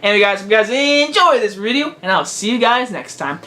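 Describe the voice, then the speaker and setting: A man's voice: high voice, lively intonation, a little fast, bright, forceful tone. A teenage boy giving a casual video movie review, blunt and emphatic, hammering his verdicts home again and again. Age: teens.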